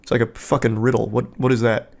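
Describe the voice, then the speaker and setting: A man's voice: mid-range voice, flat delivery, fairly quick, creaky, darkish tone. A man giving casual video commentary in a dry, sarcastic manner.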